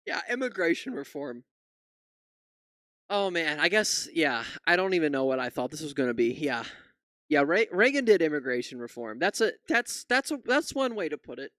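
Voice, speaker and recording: A man's voice: fairly high pitch, big pitch swings, fairly quick, a bit bright, no room sound, clean studio sound. A man giving reaction commentary on a news clip, ranting with profanity and incredulous outbursts. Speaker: political commentary YouTuber.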